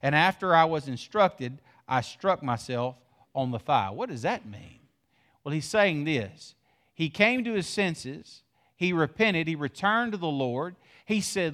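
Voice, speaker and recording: A man's voice: fairly high pitch, big pitch swings, unhurried, fairly bright tone. A man preaching a folksy sermon, asking the congregation questions and rising in volume to stress points. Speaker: pastor.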